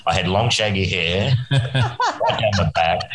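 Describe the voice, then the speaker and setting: Lower-voiced Australian man telling stories. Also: lively intonation, a little slow, reverberant, background noise. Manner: rambling storyteller, chuckles often. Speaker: musician guest. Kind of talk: casual anecdote telling.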